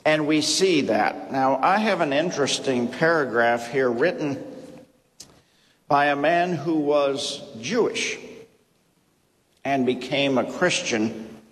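A man teaching from the Bible in a sermon, speaking deliberately, repeating key phrases and checking in with "okay?". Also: medium pitch. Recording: long reverb of a hall.

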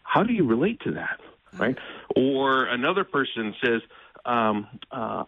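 A man speaking as a guest in an interview, earnest and measured, often pausing with fillers and restarting. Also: medium pitch, animated, vocal fry, no room sound, phone-quality sound. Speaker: ministry president, guest. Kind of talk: conversational interview.

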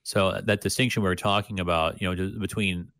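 A man's voice: low-pitched, fairly even intonation, a little fast, fairly bright tone, no echo, studio quality. A man co-hosting a casual Bible discussion, talking with many restarts and fillers and reading passages aloud. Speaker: Bible study co-host.

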